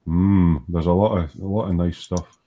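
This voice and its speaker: A man's voice: deep voice, fairly even intonation, moderate pace, warm tone. Male host of a casual hobby live stream, chatty, reading comments out. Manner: reads out viewer comments, chatty. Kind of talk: casual chat.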